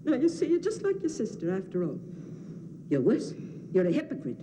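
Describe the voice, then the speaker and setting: An actress playing an older nurse in a film drama, scolding and doting by turns with a fretful, sing-song lilt. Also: female voice, medium pitch, wildly swooping pitch, a little fast, in a large hall, background noise. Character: fussy old nurse, scolding yet doting.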